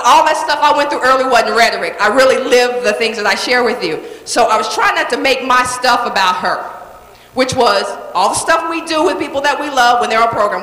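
Bright, high-voiced woman coaching on stage. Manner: animated, emphatic, chatty with the audience. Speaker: coach and seminar speaker. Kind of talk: live motivational seminar storytelling. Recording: echoey hall reverb.

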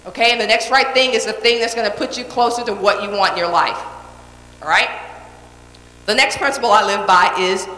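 Woman, motivational speaker, bright forceful voice, direct and emphatic, echoey hall with long reverb. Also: fairly high pitch, moderate pace. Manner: direct, emphatic, repeats key phrases, checks in with the audience. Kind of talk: motivational talk to a live audience.

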